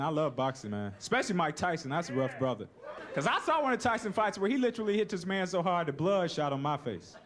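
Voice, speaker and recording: A young man doing a laid-back stand-up comedy routine on stage. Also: on the high side. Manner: laid-back, keeps saying "you know, man". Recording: noisy live recording.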